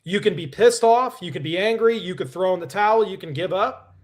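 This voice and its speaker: A man's voice: high voice, fairly quick. A man giving a motivational speech, emphatic and repeating his key phrases.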